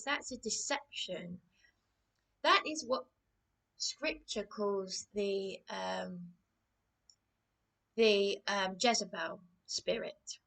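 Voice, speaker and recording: Woman, slow-paced, slightly hoarse, aggrieved, repetitive, personal vlog. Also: medium pitch, fairly bright tone. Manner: aggrieved, repetitive, many restarts. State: voice a bit hoarse. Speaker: vlogger.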